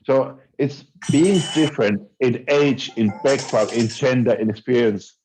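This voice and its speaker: A man's voice: medium pitch, a little slow, darkish tone, a little hiss or hum. Man giving an online talk. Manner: conversational, hesitant, with filler restarts. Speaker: conference speaker. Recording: dull lo-fi audio.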